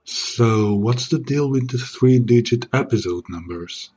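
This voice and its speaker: James Bond as a man's impression, husky and smug. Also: mid-range voice, a little mellow, soft background music. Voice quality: husky, smug, deliberately "sexy" delivery. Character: suave, smug male secret agent.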